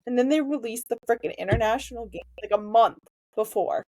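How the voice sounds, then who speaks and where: A woman's voice: on the high side, brisk, dark tone, no room sound. A young woman in her twenties co-hosting a sports podcast, telling stories in a chatty way. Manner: chatty storyteller, acts out quotes. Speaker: podcast co-host. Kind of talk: casual sports chat.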